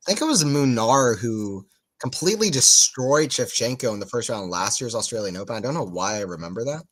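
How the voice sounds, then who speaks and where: A man's voice: mid-range voice, animated, a little fast. Chatty man calling tennis live. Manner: chatty, rambling asides between point calls. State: just woke up. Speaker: live watchalong commentator. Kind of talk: casual live tennis commentary.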